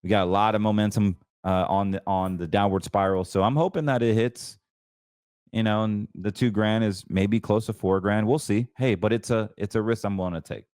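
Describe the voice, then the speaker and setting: A low-pitched man hosts a financial show in a loose, chatty monologue. He gets excited, trips over his words and restarts, and sounds close and dry with no room around him. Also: moderate pace, dry recording. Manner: chatty, stumbles and restarts, excitable about trades. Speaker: host.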